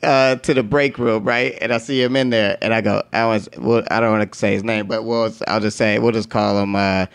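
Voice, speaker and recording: Low, gravelly, and brisk, this man speaks with few pauses and a clean tone. He's recounting a workplace story in casual conversation, animated and laughing often as he performs others' slangy, profane lines.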